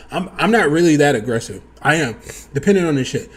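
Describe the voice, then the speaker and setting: This is a young man spinning a casual story for his viewers, his pitch leaping all over as he acts out the other people. His voice sits a little high for a man. He swears freely and keeps the telling loose. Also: lively intonation, a little fast, husky. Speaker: storyteller vlogger.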